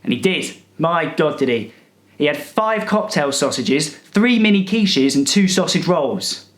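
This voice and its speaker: A man's voice: fairly high pitch, lively intonation, unhurried, roomy sound. A man telling a comic story as a rude, boastful character, sarcastic and fed up. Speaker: comedic storyteller.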